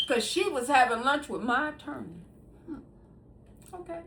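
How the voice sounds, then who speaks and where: A woman's voice: sits high, moderate pace, creaky, pauses often, a little hiss or hum. A woman in her sixties hosting her own show, talking straight to viewers in a casual monologue and laughing often between sentences. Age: 60s. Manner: talks straight to viewers, animated and emphatic. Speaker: host.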